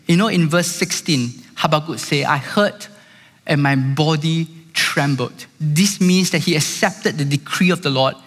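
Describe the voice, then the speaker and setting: A man's voice: a little high, measured pace, a bit bright. A man preaching a sermon as a pastor, calling out to the congregation. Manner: preaching with call-outs to the congregation. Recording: hall reverb.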